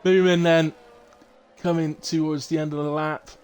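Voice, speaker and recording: A man's voice: on the high side, level tone, normal speed, darkish tone, clear, resonant tone. A middle-aged man giving chatty live commentary on a sim race, with jokey asides.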